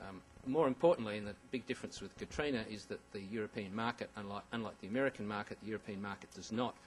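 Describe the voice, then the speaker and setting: A man's voice: lowish voice, low-quality recording. A man giving a conference presentation about slides, with wry asides and frequent ums and restarts. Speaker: conference speaker.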